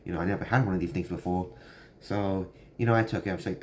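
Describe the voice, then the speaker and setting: A young man with a very low voice tells a story in a loose, rambling way, packing it with fillers. It sounds like a casual vlog monologue, with faint noise in the background. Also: steady tone, fast. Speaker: vlogger.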